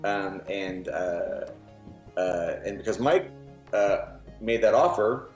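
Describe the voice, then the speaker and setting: A man, a novelist, speaking in a documentary interview, relaxed and halting with many fillers. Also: low voice, faint music behind. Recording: roomy echo.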